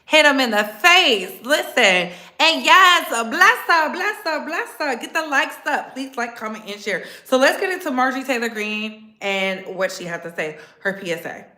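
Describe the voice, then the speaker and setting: A woman's voice: sits high, expressive, moderate pace, few pauses, bright, forceful tone, echoey room. A woman hosting a casual livestream, blunt and sassy, talking straight to her viewers in the chat. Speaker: livestream host.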